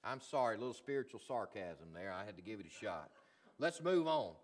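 A man preaching a sermon as pastor, swinging from loud emphatic lines to quiet, low ones. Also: big pitch swings, a little fast.

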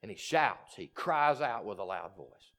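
A man preaching a sermon, emphatic and impassioned, repeating key phrases and moving between loud declarations and hushed asides. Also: fairly low pitch, lively intonation, measured pace. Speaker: pastor.

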